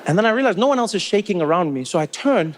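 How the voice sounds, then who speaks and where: A man with a South African accent telling stand-up comedy stories with animated, repetitive comic timing. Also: high voice, quick pace.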